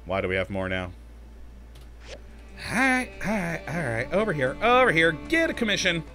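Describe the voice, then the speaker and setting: Casting note: male let's-play host, bright, forceful voice, chatty and frustrated with the game, faint music underneath. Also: a little high, wildly swooping pitch, moderate pace. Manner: talks to himself, easily exasperated, laughs often. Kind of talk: casual gameplay commentary.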